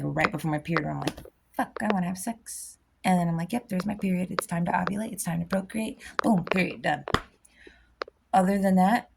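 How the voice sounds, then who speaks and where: A woman vlogger with a rough, gravelly low voice delivers a blunt, impassioned spiritual rant. She jumps from loud exclamations to hushed whispers. Steady noise sits behind her voice. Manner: blunt, animated, swings from loud bursts to whispers.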